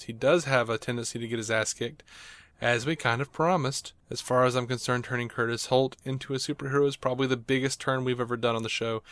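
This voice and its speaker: A man co-hosting a casual podcast, moving between reading news items and joking asides. His voice sits at an ordinary middle pitch. The recording is dry and close, with no room sound. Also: fairly bright tone, smooth, dry recording. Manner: reads quotes then jokes and laughs easily.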